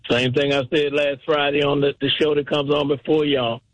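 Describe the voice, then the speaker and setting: A man's voice: a little high, monotone, dry recording, low-quality recording. A man from the Texas Panhandle, calling in to a sports radio show and chatting in a folksy, joking way. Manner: folksy, joking, drawn-out phrasing. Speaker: caller. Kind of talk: radio call-in chat.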